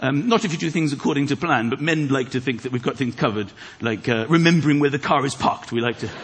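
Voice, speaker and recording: A man hosting a comedy show, doing a stand-up routine with animated delivery, acting out voices and shouting punchlines. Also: mid-range voice, quick pace. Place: large theatre with live audience. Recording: loud crowd laughter and noise.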